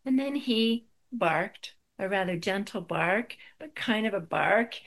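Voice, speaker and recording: A woman's voice: mid-range voice, lively intonation, slow, creaky, hardly any pauses, a bit bright. A middle-aged woman giving a spiritual talk, telling a personal story with wry, self-deprecating humor.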